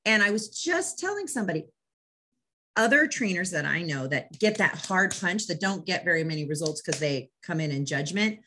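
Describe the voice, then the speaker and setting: A woman dog trainer hosts a relaxed interview. She talks with eager enthusiasm and tells lively stories about her clients. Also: lowish voice, normal speed, a little hiss or hum. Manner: enthusiastic, animated storyteller. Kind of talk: casual interview chat.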